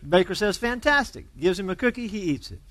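Man, pastor, sermon, high-pitched, conversational storyteller, dry close sound. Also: lively intonation, fast talker, no room sound.

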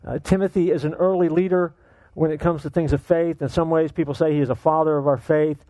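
A man preaching a sermon as pastor, animated and joking, firing off rhetorical questions at his congregation. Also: fairly high pitch, fairly quick, dry recording, poor audio.

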